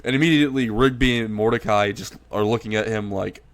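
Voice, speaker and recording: A man's voice: fairly low pitch, fairly quick, dry recording. A man casually retelling a comedic crossover story, rambling with restarts.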